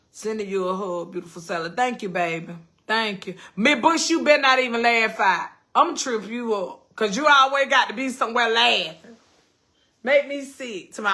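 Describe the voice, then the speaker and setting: Woman, fifties, livestream host, swears freely, storyteller, forceful, higher pitch. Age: 50s. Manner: animated storytelling, swearing freely, reading out viewer comments. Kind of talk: casual livestream chat. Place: at home.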